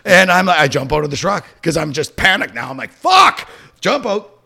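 A man's voice: a little high, quick pace, gravelly, sharp tone, shouting. A middle-aged man hosting a podcast, telling a rambling, profane story in casual chat. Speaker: podcast host.

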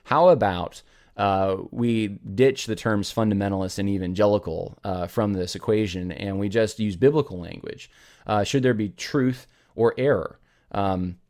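A man hosting a commentary podcast, arguing his points with rhetorical retorts, talking in digressions and quick restarts. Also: fairly low pitch, a little mellow. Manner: rhetorical and emphatic, full of "how about" retorts; thinks aloud with many restarts and digressions. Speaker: podcast host. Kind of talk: opinionated commentary.

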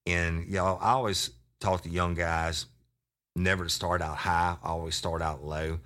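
An older man spins a story in a very low, hard-edged voice. He talks bluntly and profanely, leaning on his words for emphasis. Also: level tone, unhurried, fairly bright tone. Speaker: retired sheriff's deputy storyteller. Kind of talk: casual storytelling to an audience.

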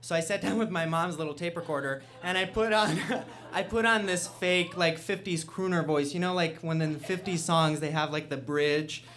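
A man from Russia telling a self-mocking story on stage before an audience, building to loud punchlines. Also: a little high, normal speed.

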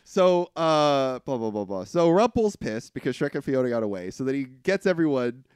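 Lively man recapping a movie. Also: mid-range voice, normal speed, clear, resonant tone, dry recording, studio quality. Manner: animated storyteller, acting out quotes, laughing often. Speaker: podcast co-host. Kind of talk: casual movie recap chat.

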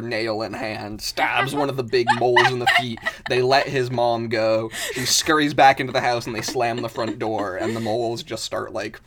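A man's voice: mid-range voice, fairly bright tone, a little hiss or hum. A man narrating his character's actions in a tabletop game, with hesitant phrasing and many fillers and restarts. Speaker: player.

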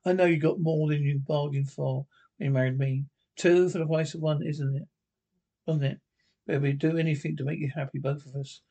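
A woman's voice: low-pitched, steady tone, brisk, dark tone. Anxious mother, pleading, earnest, 1960s TV drama. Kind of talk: 1960s television drama acting.

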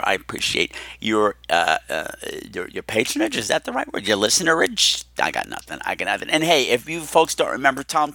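Man hosting a podcast, effusive, camp, gravelly, bright, dry close sound. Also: mid-range voice, dry recording. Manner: campy, effusive, rambling. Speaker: podcast host. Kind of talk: casual chat.

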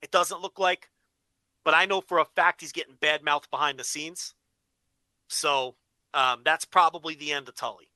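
A man co-hosting a podcast, chatting casually and swearing freely as he tells animated stories. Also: fairly high pitch, normal speed, no room sound, rough recording. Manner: profane, animated storytelling. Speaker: podcast co-host. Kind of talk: casual wrestling podcast chat.

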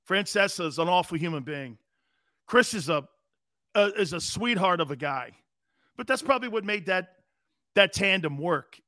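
Brief: middle-aged male sports radio host, brash and boastful, a fairly high voice, dry close sound. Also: fairly bright tone, no room sound. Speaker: sports talk show host. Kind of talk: live sports talk monologue.

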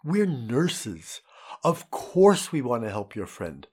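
Gentle Jamaican nurse woman, soft and pleading, lively inflection, read by a male narrator. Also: mid-range voice, slow pace, slightly rough, voice pushed down, exaggerated voice. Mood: tender pleading. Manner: soft, pleading, tender endearments.

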